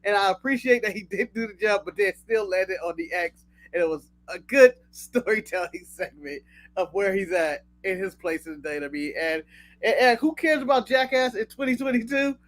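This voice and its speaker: A man's voice: high voice, expressive, moderate pace, a bit bright, dry recording. A man from the United States co-hosting a wrestling podcast, talking bluntly in casual chat, swearing freely and laughing at his own jokes. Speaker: podcast co-host.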